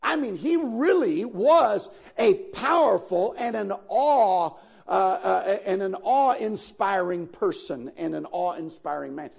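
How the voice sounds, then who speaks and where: A male pastor delivers his sermon in an unhurried, deliberate way, his voice high and edged with gravel. He leans toward his listeners, asking them directly if they follow, and pushes into sudden loud emphatic peaks. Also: expressive. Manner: preaching with sudden emphatic swells; folksy, addresses listeners directly.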